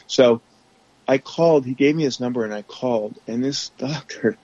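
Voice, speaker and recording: A man guest telling his story candidly on a podcast, halting often with restarts and fillers, over remote call audio. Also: mid-range voice, a little mellow, no room sound, muffled recording.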